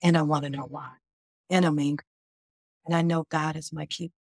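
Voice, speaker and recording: A woman's voice: deep voice, fairly even intonation, fairly quick, vocal fry, dry recording, studio quality. A woman doctor on a podcast explains grief in a conversational way. She often says "like" and voices people's inner questions.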